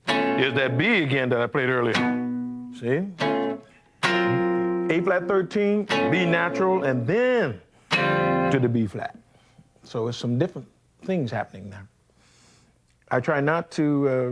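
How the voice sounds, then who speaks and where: An older man teaching jazz guitar in a relaxed, anecdotal way, scatting the melodies as he plays. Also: mid-range voice, fairly quick. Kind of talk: demonstrating at the guitar, talking between phrases. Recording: loud guitar under the voice.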